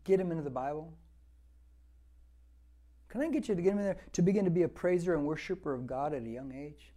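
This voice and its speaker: Mellow-voiced older pastor preaching. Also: male voice, fairly high pitch, expressive, quick pace. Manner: conversational, repeats words for emphasis, builds to fervent exhortation. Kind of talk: verse-by-verse Bible teaching sermon.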